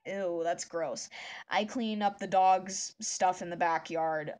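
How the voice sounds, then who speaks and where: A woman's voice: fairly low pitch, fairly even intonation, slow, a little mellow. A woman vlogger chatting casually while she draws. She rambles and uses many fillers. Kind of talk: casual chat while drawing.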